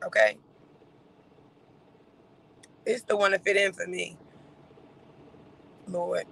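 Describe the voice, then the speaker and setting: High, gravelly-voiced sassy man. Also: level tone, bright, forceful tone, slight background noise, poor audio. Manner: sassy, campy, teasing; drawn-out exclamations and laughter. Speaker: livestreamer. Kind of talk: livestream gossip commentary.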